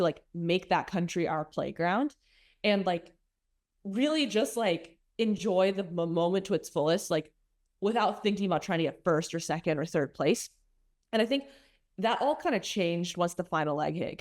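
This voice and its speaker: A woman's voice: fairly low pitch, a little mellow. A young woman being interviewed as a runner-up contestant, rambling with many fillers and teasing her partner. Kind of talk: casual interview chat.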